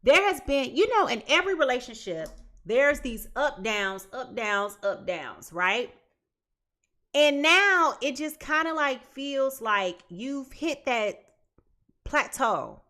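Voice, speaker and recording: A woman's voice: high voice, very animated, takes it slowly, sharp tone. A woman giving a casual tarot reading to viewers, emphatic and chatty, stacking repeated phrases and restarting often. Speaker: tarot reader.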